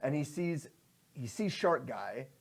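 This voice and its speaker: A man narrating as game master of a tabletop game, lively, slipping into quick voices for his characters. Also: mid-range voice, gravelly, slightly rough.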